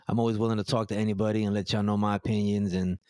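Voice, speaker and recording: This podcast guest has a fairly low, warm voice with a flat delivery, and he talks very fast in blunt, casual chat. He's profane and very direct, tripping over his words as he restarts sentences. The recording is close and dry, with no room sound around him.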